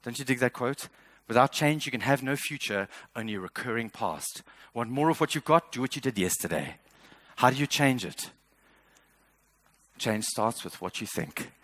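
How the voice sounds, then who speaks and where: A man's voice: medium pitch, lively intonation, moderate pace, fairly bright tone. A man in his fifties giving a motivational keynote speech. He speaks earnestly and with emphasis, and sometimes repeats words as he builds a point. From South Africa. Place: stage at a speaker showcase.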